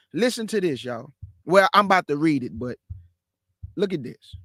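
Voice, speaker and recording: A man's voice: high-pitched, big pitch swings, moderate pace, a bit bright, no echo, clean studio sound. A man hosting a casual Bible teaching, speaking emphatically, repeating his key points and calling his listeners family as he walks through a map on his screen. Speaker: Bible teacher, show host.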